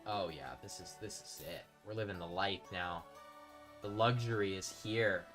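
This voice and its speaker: Bright-voiced chatty man streaming a game. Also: low-pitched, moderate pace, faint music behind. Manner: chatty, rambling, reads out chat. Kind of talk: casual live-stream commentary. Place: home streaming setup.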